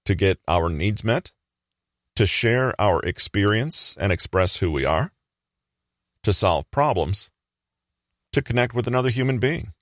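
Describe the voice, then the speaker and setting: A man giving a measured, explanatory scripted narration. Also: fairly low pitch, expressive, no echo, clean studio sound.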